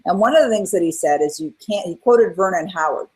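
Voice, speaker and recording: Earnest middle-aged woman, husky voice. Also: on the low side, brisk, rough recording. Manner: earnest, animated retelling with acted-out quotes. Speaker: guest, author and coach. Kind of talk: candid interview storytelling.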